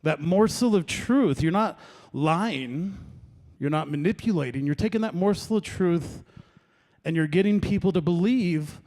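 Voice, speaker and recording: A man performs a stand-up set at an open mic, and his voice sits a little high. He rambles through his stories, pokes fun at himself and talks with the audience as he goes. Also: animated, measured pace, a little mellow. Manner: rambling, self-deprecating, crowd work. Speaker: stand-up comedian. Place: comedy open mic in a venue.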